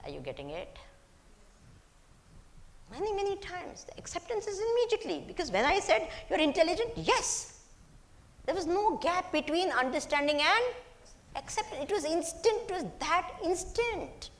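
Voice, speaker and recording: Woman, spiritual teacher, lively rising and falling speech, asks and answers her own questions, repeats words for emphasis. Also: extremely high pitch, normal speed. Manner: poses questions to the audience and answers them herself. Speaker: Vedanta teacher. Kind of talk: spiritual discourse to a live audience.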